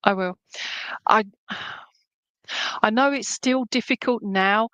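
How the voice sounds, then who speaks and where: A woman's voice: a little high, slow, fairly bright tone, clear, resonant tone, no room sound, muffled recording. A woman giving a clairvoyant reading at an online church service, chatty and reassuring, with many fillers and restarts. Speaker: medium at a spiritualist church.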